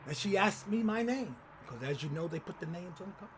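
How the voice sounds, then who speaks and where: A man hosting his own channel, telling a personal story in lively commentary and acting out the people he quotes. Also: high-pitched, fairly quick, a little hiss or hum. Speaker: channel host.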